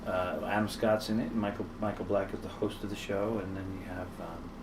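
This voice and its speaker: A man's voice: low-pitched, level tone, fairly quick, far from the mic. A man in his forties talking loosely with lots of ums and dry jokes. He sounds a little away from the mic. Heavy background noise sits under his voice. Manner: hesitant, many fillers, joking. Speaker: interviewee, actor. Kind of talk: casual interview banter.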